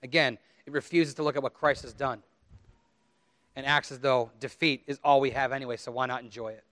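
A man's voice: mid-range voice, fairly even intonation, a little fast, fairly bright tone, dry recording. A middle-aged man, a pastor, preaching in a conversational way and acting out the inner voices of his listeners. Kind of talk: sermon.

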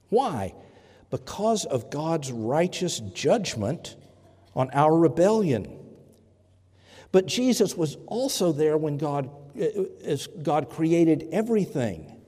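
Slow-speaking preacher man in a hall. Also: fairly high pitch, darkish tone, slightly rough. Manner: earnest, with pauses and self-corrections. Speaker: pastor. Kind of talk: sermon. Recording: reverberant hall.

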